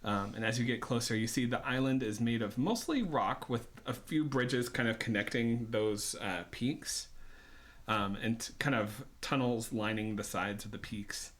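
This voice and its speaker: Casting: male dungeon master, rambling narration full of ums and hedges, mid pitch. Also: normal speed, a bit bright. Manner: rambling, hesitant, many ums and "I would say". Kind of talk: narrating a tabletop game.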